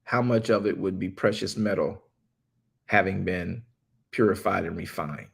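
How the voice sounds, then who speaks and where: A man's voice: low-pitched, gravelly, breathy edge. Folksy, teasing male preacher. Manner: playful, teasing banter with the congregation; reads scripture slowly and emphatically, repeating lines. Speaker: preacher addressing a congregation. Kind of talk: sermon with scripture reading.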